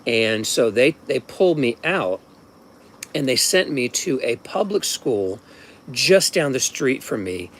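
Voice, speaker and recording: A man's voice: medium pitch, very animated, takes it slowly, a bit bright, slight background noise. A man in his fifties from Ohio telling a personal story at home in a casual, rambling way, often restarting and adding asides. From Ohio, USA. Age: 50s.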